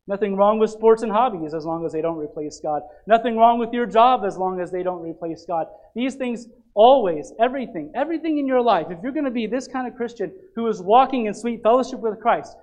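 A man preaching a sermon as pastor, urging his listeners again and again, swinging from loud calls to quiet asides. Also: sits high, rough recording. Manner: exhorting, repetitive calls to get excited; dynamic, dropping to quiet asides.

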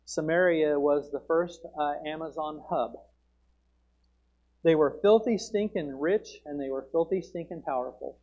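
A man preaching a sermon, moving between relaxed Bible teaching and loud proclaiming. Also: measured pace. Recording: muffled low-fidelity sound.

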